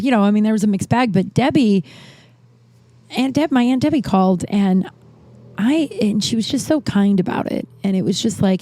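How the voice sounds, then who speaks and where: A woman's voice: medium pitch, expressive, normal speed, mellow, dry recording. A woman hosting a podcast, telling personal stories in a rambling, candid way and swearing freely. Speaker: podcast host. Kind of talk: casual storytelling monologue.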